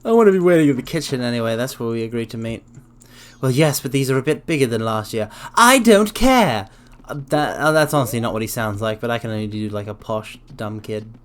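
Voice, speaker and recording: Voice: mid-range voice, fast. A game streamer chatting casually while playing, rambling playfully and dropping into silly sound effects.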